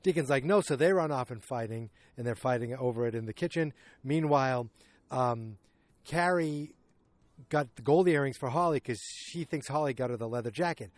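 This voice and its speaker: A man's voice: mid-range voice, moderate pace, dry recording. Podcast host, male, casual rambling recap, dry close sound. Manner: rambling, acts out quotes in raised voices.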